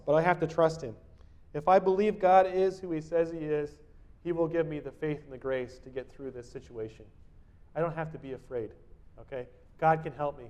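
A man giving a devotional sermon. He reads Bible verses with force and then explains them in a quiet, conversational way, often adding tag questions and restarting his sentences. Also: a little high. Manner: reads verses loudly, then drops to quiet personal asides. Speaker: preacher. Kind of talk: devotional sermon with scripture reading.

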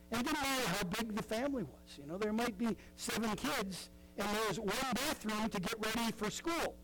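High-voiced conversational male preacher. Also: a bit bright, slight background noise, rough recording. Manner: conversational preaching, many asides and fillers. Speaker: pastor. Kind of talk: sermon.

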